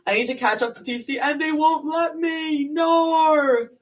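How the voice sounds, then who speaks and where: A woman's voice: high-pitched, unhurried, shouting, recorded from a distance, rough recording. A woman streamer reading fan fiction aloud live and reacting to it, casual and sweary, with apologetic asides.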